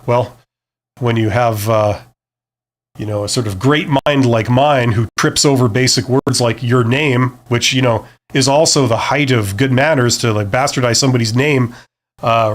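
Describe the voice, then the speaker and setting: Rambling man hosting a live Q&A. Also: mid-range voice. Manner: rambling, conversational, lots of fillers, self-deprecating. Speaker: career advice livestream host. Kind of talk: casual live Q&A.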